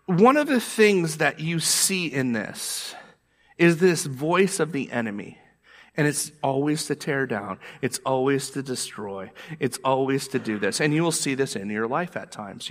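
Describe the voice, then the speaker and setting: A man preaching a sermon as pastor, animated and emphatic, repeating his points for weight. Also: medium pitch.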